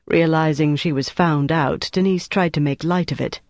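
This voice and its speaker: A man reading a novel aloud as narrator, in a steady, even way. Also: on the high side, moderate pace, hardly any pauses, no echo, clean studio sound. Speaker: audiobook narrator. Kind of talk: scripted narration.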